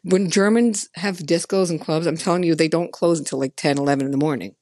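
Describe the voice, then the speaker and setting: A woman with a deep, low-pitched voice hosts her own podcast. She tells a long personal story in a casual, chatty way and stresses her points firmly. The sound is dry and close, with no room echo. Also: fairly quick. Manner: chatty, emphatic, animated quoting of others. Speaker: podcast host.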